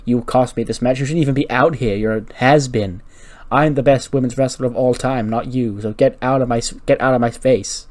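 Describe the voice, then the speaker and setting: A man's voice: medium pitch, steady tone, fairly quick, darkish tone, close to an everyday voice. A man voicing a brash, angry female wrestler who swears and hurls insults. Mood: scornful.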